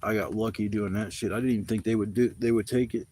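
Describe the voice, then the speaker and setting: A man's voice: fairly low pitch, fairly even intonation, fast, darkish tone, a little hiss or hum. A man livestreaming from a campsite, telling rambling stories in laid-back, slangy talk full of swearing. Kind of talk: casual rambling storytelling. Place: outdoors at a campsite in the rain. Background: faint rain.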